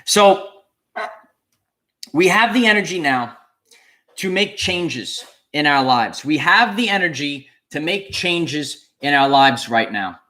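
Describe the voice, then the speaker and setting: A man speaks straight to his livestream audience, his voice sitting a little higher than most men's. He repeats his key phrases over and over with a preacher's earnest emphasis. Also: expressive, takes it slowly, pushed and bright. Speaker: channel host. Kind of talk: livestream talk to viewers.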